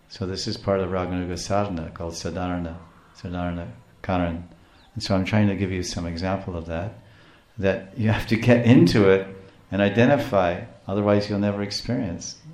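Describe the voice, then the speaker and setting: A man's voice: deep voice, darkish tone, reverberant. A man giving a scripture lecture as a spiritual teacher, telling stories with frequent restarts. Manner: storytelling, acts out quotes, frequent restarts.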